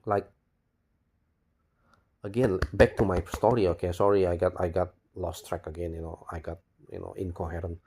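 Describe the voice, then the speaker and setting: A man's voice: sits low, flat delivery, normal speed, pauses often, a little mellow, slight background noise. A man rambling through a cynical personal video monologue, repeating himself, swearing and saying "you know" constantly. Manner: bitter, cynical. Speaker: video blogger.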